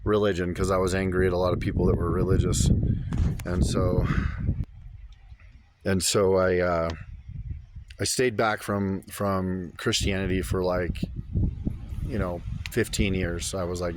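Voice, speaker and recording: A man tells a story to the camera from outdoors, rambling and earnest, with many restarts. His voice is very deep and stays flat. Loud background noise runs under the recording. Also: unhurried, long pauses. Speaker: vlogger. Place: outdoors under an open sky.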